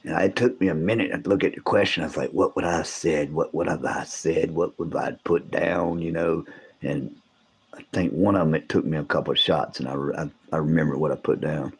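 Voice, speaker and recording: A man, hosting a casual livestream, rambling and swearing as he talks to his viewers, his voice gone deeper from coughing. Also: a little fast, slightly rough. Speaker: livestream host.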